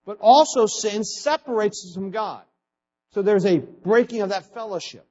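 High-voiced preacher man, lo-fi sound. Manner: fast-talking, repeats words, swings between loud emphasis and quiet asides. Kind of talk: sermon. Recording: dull lo-fi recording.

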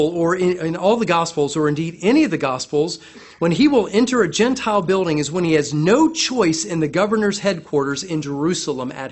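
A man preaching a sermon, animated and lively, briefly acting out the voices of the people he quotes. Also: sits high. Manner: animated, acts out quoted voices, repeats words. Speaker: pastor.

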